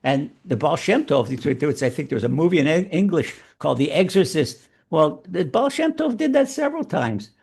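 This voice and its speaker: A man telling a religious fable and drawing its lesson, animated and prone to repeating words. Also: fairly high pitch, normal speed, gravelly, hardly any pauses, husky. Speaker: rabbi storyteller.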